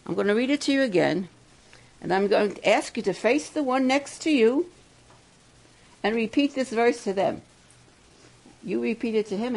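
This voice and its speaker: Gravelly older woman preaching to campers. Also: medium pitch. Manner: coaxing, asks the crowd questions. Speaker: camp speaker. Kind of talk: sermon.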